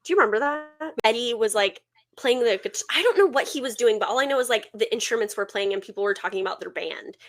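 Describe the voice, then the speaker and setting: A woman's voice: on the high side, animated, fast talker. A young woman co-hosting a podcast, chatting casually and telling a long personal story with lots of "like" fillers. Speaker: podcast co-host. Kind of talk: casual chat.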